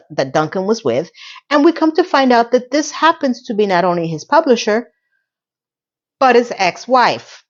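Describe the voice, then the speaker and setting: Woman TV recap vlogger, mid-pitched, casual and animated, slightly muffled recording. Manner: animated, talks to viewers, playful asides.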